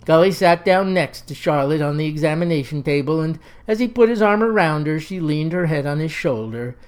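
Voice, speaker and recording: A woman narrating a comic yarn in a homespun, folksy style. She mixes country talk with mock-formal words, and her voice sits on the low side. The telling is steady and unhurried. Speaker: storyteller.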